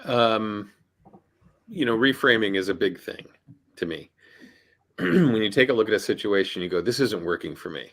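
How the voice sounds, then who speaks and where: A man with a low voice speaks on a panel in a measured, reflective way. His delivery is calm and steady. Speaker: actor and voice-over artist.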